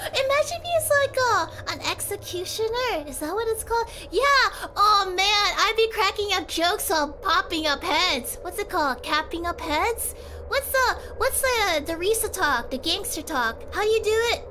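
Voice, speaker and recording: Very high-pitched giggly woman streamer. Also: moderate pace, bright, forceful tone, a little hiss or hum. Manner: giggly, rambling, talks to chat. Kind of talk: casual livestream chat.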